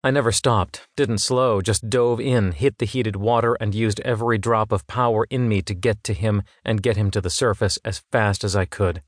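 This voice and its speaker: A man narrating an audiobook in first person, with a fairly low voice. The sound is close and dry, with no room around it. He tells the story in a measured, engaged way. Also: fairly even intonation, dry recording.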